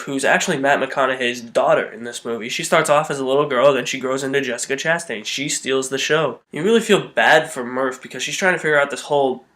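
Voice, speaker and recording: A man's voice: mid-range voice, bright, forceful tone. A man giving a blunt, opinionated movie review in a casual manner, swearing now and then. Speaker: film reviewer.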